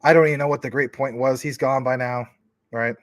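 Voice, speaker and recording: A man's voice: mid-range voice, steady tone, a little fast, no echo. A man hosting a casual livestream, reading viewer comments in a rambling, informal way with many fillers. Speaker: crypto livestream host.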